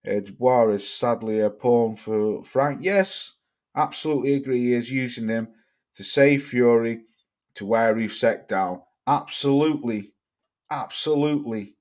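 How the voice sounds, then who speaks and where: A man's voice: medium pitch, a little mellow. Male livestream host from Cheshire, blunt, sweary ranting delivery. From Cheshire, England. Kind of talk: livestream rant reading chat comments.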